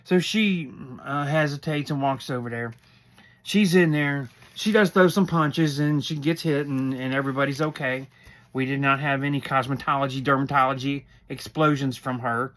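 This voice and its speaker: A man's voice: medium pitch, fairly even intonation, normal speed, a bit bright. A middle-aged man giving a rambling, opinionated recap of a reality show, often acting out what the people said. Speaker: recap commentator. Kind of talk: casual show recap commentary.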